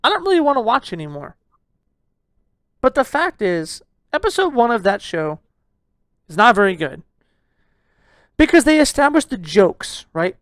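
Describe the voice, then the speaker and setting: Loud, swearing young man ranting. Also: sits high, big pitch swings, moderate pace, long pauses, no room sound, clean studio sound. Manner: loud, swearing, jokingly abrasive, breaks into laughs. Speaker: podcast co-host. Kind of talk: casual ranting review chat.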